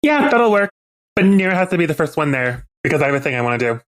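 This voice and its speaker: A man's voice: a little high, sing-song, fast. A man playing a tabletop role-playing game, describing his character in a vivid, theatrical way. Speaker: player.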